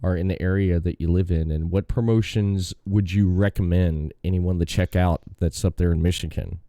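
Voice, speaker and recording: A man's voice: low-pitched, fairly even intonation, normal speed, warm tone, no echo, clean studio sound. A man hosting a podcast, chatting casually and telling stories with rambling enthusiasm. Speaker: podcast host. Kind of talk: casual chat.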